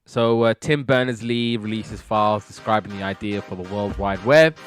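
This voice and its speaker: A man's voice: on the low side, normal speed, faint music behind. A British man hosting a casual TV review podcast, enthusiastic and rambling with repeated words. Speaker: podcast host.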